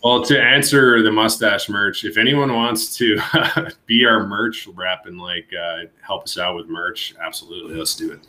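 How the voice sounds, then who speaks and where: A man with a very low voice speaks as a guest on a panel, halting and restarting as he thinks. His tone is bright and forceful. The room around him sounds echoey. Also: steady tone, a little hiss or hum. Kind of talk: panel discussion.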